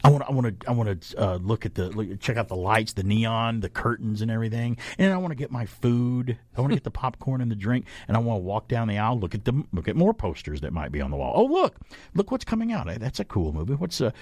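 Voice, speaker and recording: A man's voice: on the low side, animated, fast, few pauses, darkish tone, dry recording. A middle-aged man from Alabama hosting a casual talk radio show, telling stories and acting out quoted voices.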